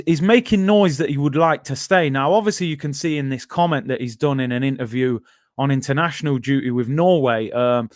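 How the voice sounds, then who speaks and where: This is casual live-stream chat from an English football show host, whose medium-pitched voice wanders through fillers and asides as he reads what viewers write. The studio-quality recording has no room sound.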